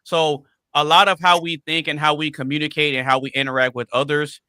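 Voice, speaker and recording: A man's voice: a little high, level tone, brisk, sharp tone, clean tone, dry recording. A man on a podcast panel talking casually and emphatically, repeating phrases to drive a point home.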